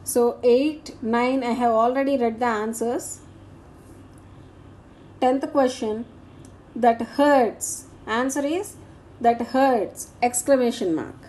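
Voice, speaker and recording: A woman teacher, slowly reading out grammar exercise answers and punctuation marks. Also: a little high, a little mellow. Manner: slow, deliberate dictation of answers and punctuation.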